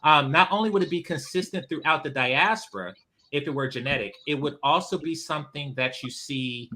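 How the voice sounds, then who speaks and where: A man's voice: a little high, sharp tone. Insistent man hosting a debate chat. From California. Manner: measured, insists on finishing his point.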